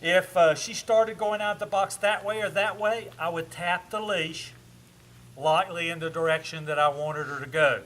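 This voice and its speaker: Man, dog trainer, high bright voice, plainspoken demo, faint noise behind. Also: normal speed. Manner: talks to the dog in soft praise, explains to camera. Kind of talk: casual demonstration.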